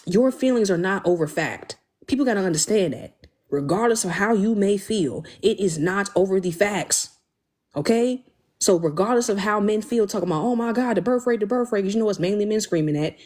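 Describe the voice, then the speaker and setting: A young woman hosting a casual livestream, talking in an animated, emphatic, slangy way and thanking viewers as she goes. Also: medium pitch, fairly quick. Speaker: livestream host.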